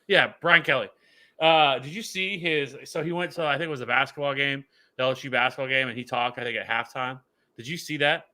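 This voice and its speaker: Male co-host, bright tone, loose rambling delivery full of restarts. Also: medium pitch, brisk. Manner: rambling, many restarts and fillers. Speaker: fantasy football co-host. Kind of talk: casual podcast chat.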